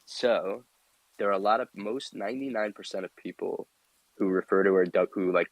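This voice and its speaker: A man with a deep voice talks loosely on a group call, circling back with fillers and restarts. The sound is dry and close. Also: fairly even intonation, a little fast, no room sound, low-quality recording. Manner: rambling, lots of fillers and restarts, laughs easily. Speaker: team member on a community audio chat. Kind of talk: casual chat.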